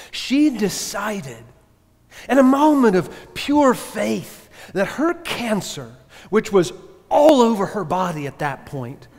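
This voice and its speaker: A male pastor preaching a sermon, telling a story earnestly, with sudden emphatic rises and hushed drops. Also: high-pitched. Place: church. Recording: echoey church hall reverb.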